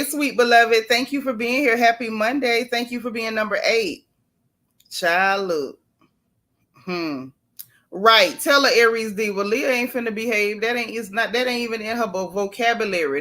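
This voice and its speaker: A woman's voice: a little high, bright, forceful tone. Chatty woman hosting a live stream. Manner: chatty, playful, greets viewers by name. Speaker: livestream host. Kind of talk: casual live chat with viewers. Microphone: camera close-up.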